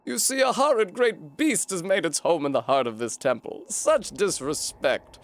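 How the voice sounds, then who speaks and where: A man's voice: high voice, expressive, voice pushed up. A man voicing an old male snail wizard in a put-on British accent, genteel and theatrical, reading game dialogue aloud. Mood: polite scheming. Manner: genteel, theatrical, drawn-out delivery.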